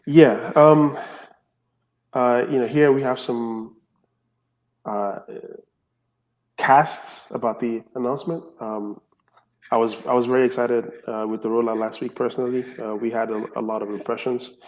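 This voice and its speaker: A man's voice: mid-range voice, steady tone, a little slow, pauses often, darkish tone, poor audio. Man in a mid range, talking through team updates on a casual call, loose and chatty. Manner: chatty, leans on "you know" and "um". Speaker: team member presenting updates.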